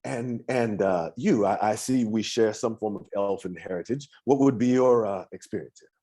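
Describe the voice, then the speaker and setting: A man's voice: on the low side, moderate pace, dark tone, natural voice. A man voicing a nervous, polite male patron of elfin heritage who stammers as he hires adventurers.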